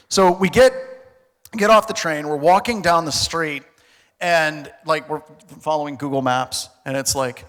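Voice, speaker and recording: A middle-aged American man telling a comic story on a conference stage, casual and animated, with slang and mild swearing. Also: fairly high pitch, normal speed. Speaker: conference speaker. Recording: reverberant conference hall.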